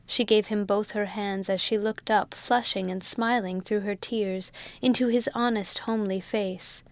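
Measured woman narrating a classic novel. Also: medium pitch, no echo. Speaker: audiobook narrator. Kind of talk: scripted narration.

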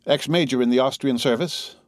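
A man reading the part of a suave, courteous nobleman count, speaking in a smooth, measured way. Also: mid-range voice, no echo, clean studio sound, voice pushed up, close to an everyday voice.

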